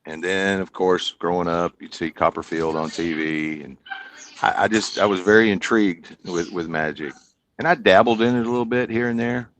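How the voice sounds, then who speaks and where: This podcast guest, a Kentucky comedian and hypnotist in his fifties, rambles chattily through stories in a casual interview. He speaks in a low, slightly bright voice at normal speed over slight background noise.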